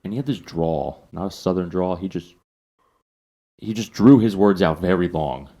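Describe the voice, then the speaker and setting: Podcast host, man, very low voice, casual profane storyteller. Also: animated, moderate pace, mellow.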